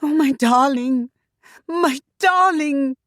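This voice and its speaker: Frantic young heiress, a woman reading her, voice pitched way up, breathless, audiobook. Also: very animated, a little slow, vocal fry, mellow, breathy edge, dry recording, studio quality, exaggerated voice.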